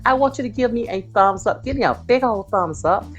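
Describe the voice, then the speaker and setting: A woman's voice: fairly high pitch, lively intonation, brisk, muffled recording, faint music behind. Chatty woman hosting a home cooking video. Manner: warm folksy enthusiasm, exclaiming over the food. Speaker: cooking channel host. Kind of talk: casual cooking video chat. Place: home kitchen.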